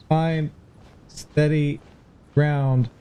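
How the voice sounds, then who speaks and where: A man streaming a game and chatting with friends, excitable, yelping and pleading when his character is in danger. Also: a little high, clean tone. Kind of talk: casual let's play chat.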